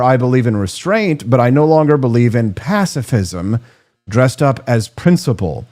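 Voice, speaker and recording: A man's voice: medium pitch, darkish tone. A man in his forties giving a sarcastic, comedic political monologue as a commentator. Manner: sarcastic, mocking.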